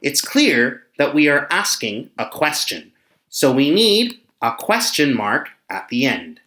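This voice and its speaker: An English teacher explaining punctuation slowly and clearly to learners, reading example sentences aloud with expression. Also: mid-range voice, sing-song, fairly bright tone, echoey room. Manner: speaks slowly and pointedly, acting out example sentences. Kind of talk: slow, expressive classroom explanation.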